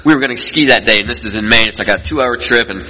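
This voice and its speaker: A middle-aged man giving an earnest personal recovery talk to an audience, telling stories and dropping between loud and quiet. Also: medium pitch, fast talker. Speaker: recovery speaker. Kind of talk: personal testimony speech to an audience. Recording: long reverb from a large hall.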